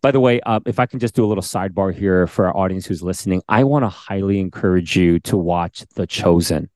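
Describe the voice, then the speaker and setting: A man co-hosting a casual faith podcast, excitable and animated, urging his listeners on. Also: deep voice, fast talker, no room sound, studio quality. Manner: animated, excitable, exhorting the audience. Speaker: podcast co-host.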